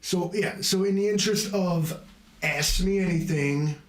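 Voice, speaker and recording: A man's voice: high-pitched, a little slow, reverberant. A man hosting a casual livestream, rambling from topic to topic in a jokey, self-mocking way. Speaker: livestream host.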